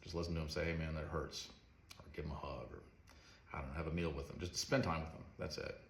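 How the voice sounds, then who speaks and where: A man talking casually and earnestly about a song he wrote, soft-spoken and rambling with fillers. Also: extremely low pitch, fairly even intonation, quick pace, vocal fry, a little hiss or hum. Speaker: songwriter. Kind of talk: casual heartfelt vlog talk. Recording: echoey room with faint ambience.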